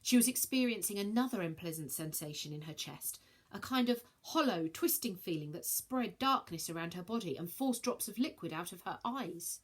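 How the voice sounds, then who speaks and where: Lively woman reading a storybook aloud. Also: fairly low pitch, normal speed, husky. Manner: many character voices, shouts and whispers. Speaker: teacher reading a children's novel aloud. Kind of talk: expressive storybook read-aloud.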